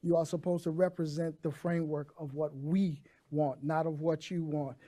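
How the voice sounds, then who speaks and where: A man's voice: a little high, mellow. A man, a pastor, giving a declamatory, preacherly public comment at a state hearing.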